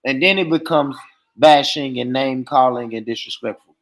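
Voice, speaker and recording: A man's voice: medium pitch, normal speed. A man in a casual online discussion, speaking emphatically and repeating his points for stress. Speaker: livestream panel guest. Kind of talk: casual debate chat.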